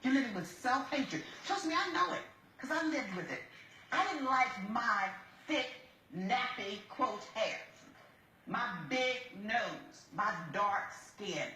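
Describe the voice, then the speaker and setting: Sex: woman. Role: TV judge. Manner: stern, blunt, scolding. Pitch: fairly high. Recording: roomy courtroom sound. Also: animated, slow, pushed and bright, a little hiss or hum. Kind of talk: courtroom lecturing. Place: TV courtroom studio.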